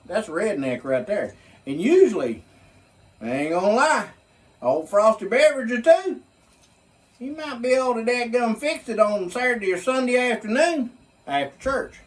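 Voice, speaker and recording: A man's voice: very high voice, lively intonation, moderate pace, distant mic. A man with a Southern US accent, talking in a casual, folksy, emphatic monologue. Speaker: vlogger.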